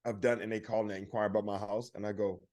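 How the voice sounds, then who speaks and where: A man's voice: on the low side, flat delivery, fast, darkish tone. A man casually telling stories on a podcast, laughing and acting out phone calls. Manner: laughing, storytelling, acts out calls. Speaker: podcast co-host. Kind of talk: casual chat.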